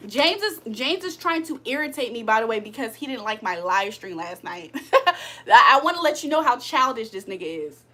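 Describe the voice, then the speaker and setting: A woman with a high, bright voice chats on a livestream. She hosts spiritual card readings but talks bluntly, swears freely and vents her annoyance at her audience. Her delivery is loose and unscripted. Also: sing-song, moderate pace. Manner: blunt, profane, annoyed venting with frequent laughs. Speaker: spiritual reader and livestream host. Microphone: streaming setup.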